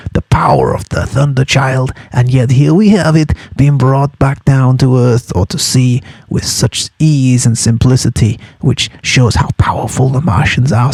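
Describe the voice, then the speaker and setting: A man's voice: mid-range voice, creaky, a little mellow, slightly rough, dry recording. A man explaining a novel to students. He is hesitant, repeating words and correcting himself as he goes. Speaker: teacher. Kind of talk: study guide explanation.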